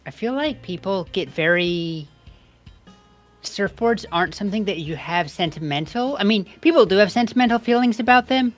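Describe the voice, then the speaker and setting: A woman's voice: medium pitch, animated, moderate pace, soft background music. A young woman streamer chatting while she plays a game, rambling and reading the on-screen text aloud. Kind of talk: casual gameplay commentary.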